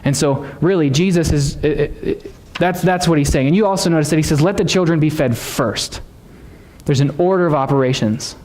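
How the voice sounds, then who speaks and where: This American pastor talks fast with hardly any pauses, his voice a little high and darkish in tone. Preaching in a church sanctuary, he teaches in a conversational way and questions the congregation.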